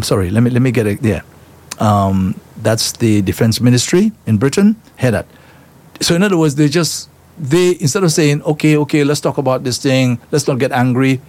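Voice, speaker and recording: Male talk host, husky, mid-pitched, emphatic and repetitive. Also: darkish tone. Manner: emphatic, repetitive, rhetorical questions. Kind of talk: opinionated current-affairs commentary.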